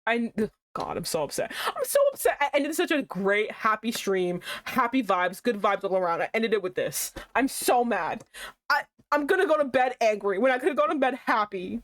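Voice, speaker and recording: Brief: young woman streamer, expressive and bouncy, dry close sound. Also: normal speed, no room sound. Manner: animated, swings into high exclaims. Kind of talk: casual gameplay commentary.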